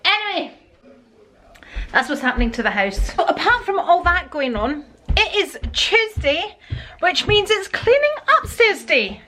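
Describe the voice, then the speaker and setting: A woman's voice: high-pitched, pushed and bright. A middle-aged woman chatting casually to camera at home in a rambling way, laughing often. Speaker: vlogger. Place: at home, indoors.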